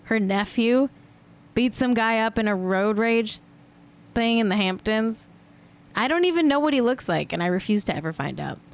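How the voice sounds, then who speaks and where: A woman's voice: fairly high pitch, expressive, moderate pace. A woman hosting a casual celebrity gossip show, chatty and amused, peppering her talk with "like". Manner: chatty and amused, heavy use of "like". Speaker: podcast host.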